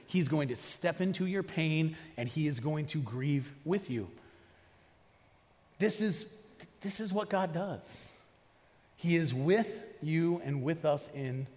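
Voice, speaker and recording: A male pastor in a church auditorium preaches in a conversational style, often turning questions to the people listening. His pitch is fairly high, and the space sounds like a large hall.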